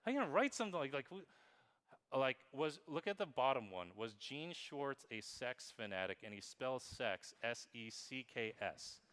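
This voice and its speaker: A man giving a lively conference keynote on marketing, playful and quizzing the crowd, reading examples aloud in exaggerated voices. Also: mid-range voice, moderate pace. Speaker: keynote speaker. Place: conference hall with audience. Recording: long hall reverb.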